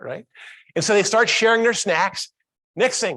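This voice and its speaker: A man's voice: sits high, big pitch swings, normal speed, pushed and bright. A man giving a storytelling keynote at a workplace training session, often asking the audience questions. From Columbus, Ohio.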